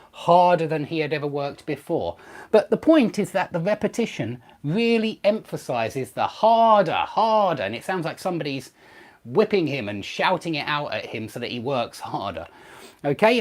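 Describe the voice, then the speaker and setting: A woman teaching an online English grammar lesson, explaining clearly and with emphasis, using frequent fillers as she thinks aloud. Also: low voice, darkish tone.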